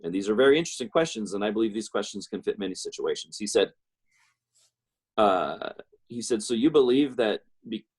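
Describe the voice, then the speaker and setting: A man's voice: fairly low pitch, animated, fairly quick, pauses often, breathy edge. A middle-aged man telling a personal story in a rambling way, with many fillers and restarts. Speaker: guest speaker.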